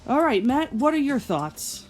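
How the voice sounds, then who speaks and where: A woman's voice: sits high, very animated, measured pace, faint music behind. A woman hosting a video commentary, speaking earnestly and reflectively. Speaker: host.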